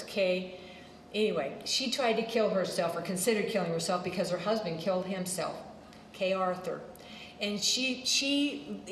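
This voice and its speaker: A woman's voice: medium pitch, echoey room, slight background noise, rough recording. A woman preaching a sermon, emphatic, repeating her phrases and drifting into side stories.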